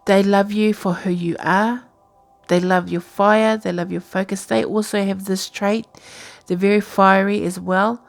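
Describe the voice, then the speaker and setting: Woman, tarot reader, gravelly fry, mid pitch, rambling, chatty, intuitive, at home at night, faint background music. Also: fairly even intonation, measured pace. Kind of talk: casual tarot reading.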